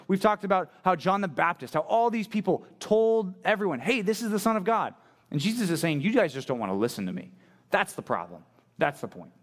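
A man's voice: mid-range voice, a bit bright. A middle-aged male pastor preaching a conversational sermon, asking listeners direct questions and acting out the quoted voices.

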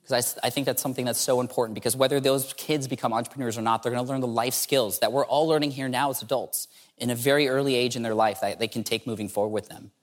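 A man's voice: medium pitch, steady tone, quick pace. A man giving a humorous storytelling talk as a speaker at an entrepreneurship event, playfully acting out dialogue as he tells it. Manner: playful, acts out dialogue in the telling.

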